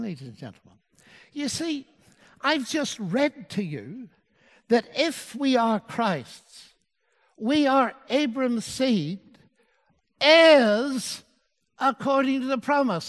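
A man preaching a sermon and telling a story, quoting the dialogue in a softened voice. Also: sits high, in a large hall.

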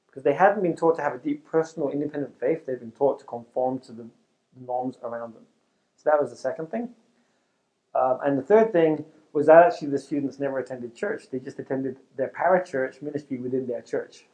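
A middle-aged man who leads a youth ministry, giving an animated, conversational talk to youth workers in front of a live audience. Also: medium pitch, brisk.

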